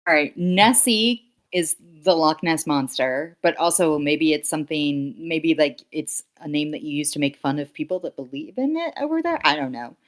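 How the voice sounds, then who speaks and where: A woman's voice: sits low, animated, normal speed, hardly any pauses. A woman in casual stream chat who laughs often, mocks herself and thinks aloud with lots of "like"s. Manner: giggly, self-mocking, thinks aloud with many "like"s.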